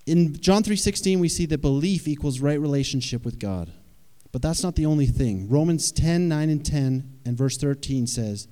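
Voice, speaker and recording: Guy giving a sermon, talks to the crowd like a chat, kinda high voice, long echo from the hall. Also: lively intonation, normal speed, few pauses, dark tone. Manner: conversational, asks the audience questions. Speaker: preacher.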